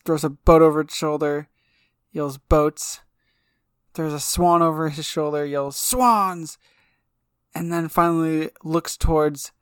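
A man with a higher-leaning, clear and resonant voice co-hosts a podcast, recorded with no echo at studio quality. Chatting casually, he tells meandering stories crowded with filler words.

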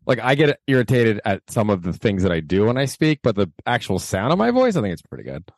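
A male stand-up comedian with a fairly low voice and laid-back surfer-style speech that swings lively up and down. He is playfully boastful and chats casually. The sound is dry and close to the mic. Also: quick pace, no echo. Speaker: stand-up comedian, podcast guest. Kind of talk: casual chat.

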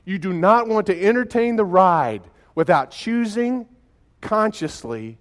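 Man, preacher, sermon, fairly high voice, folksy storyteller, animated, hushed to loud swings. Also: measured pace. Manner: folksy and conversational, with many repeated restarts. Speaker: pastor.

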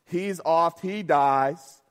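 A man's voice: fairly high pitch, extremely slow, clear, resonant tone. A man preaching a sermon as pastor, talking conversationally, often asking "right?" and acting out quotes.

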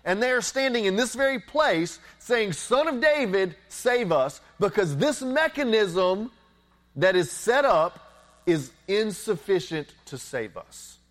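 High-voiced man preaching earnestly. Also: lively intonation, a little slow. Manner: earnest preaching with repeated words and rhetorical questions. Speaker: pastor. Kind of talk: sermon.

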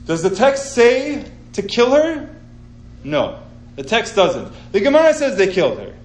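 A man teaching an informal scripture class, telling the story with animated sarcasm. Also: sits high, measured pace, reverberant, low-quality recording.

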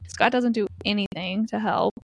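A chatty woman talks through a book with a friend, her voice carrying a gravelly fry. The sound is dry and close, and she laughs often as she retells the scenes. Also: mid-range voice, moderate pace, dry recording. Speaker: book discussion co-host. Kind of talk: casual chat recapping a novel.

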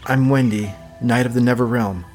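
A man's voice: mid-range voice, steady tone, moderate pace, a little mellow, faint music behind, natural voice. A man voicing a wounded young woman knight who pleads desperately for help. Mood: pleading.

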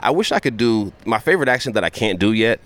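Guy with a really deep voice, laid back rambling podcast chat. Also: fast. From Toronto, Canada. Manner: relaxed, rambling, many fillers like "you know". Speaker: podcast guest, comedian. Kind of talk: casual chat.

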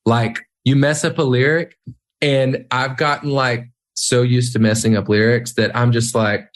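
A man who leads worship at church talks loosely and in a self-deprecating way. His speech is full of "like" and false starts, and his voice sits at an ordinary pitch. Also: fairly even intonation, unhurried. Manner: rambling, self-deprecating, many fillers and restarts. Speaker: worship leader. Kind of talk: casual podcast conversation.

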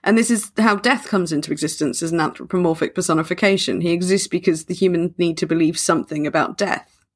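A woman's voice: on the low side, husky. A woman co-hosting a podcast, chatting casually, reading passages aloud and adding dry wordplay. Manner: dry wordplay, slows down for emphasis. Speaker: podcast co-host.

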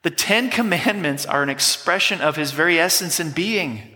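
A man's voice: a little high, lively intonation, normal speed, sharp tone. A man preaching a sermon as pastor, emphatic and teaching, leading the congregation in repeating words. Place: church sanctuary. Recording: long hall reverb.

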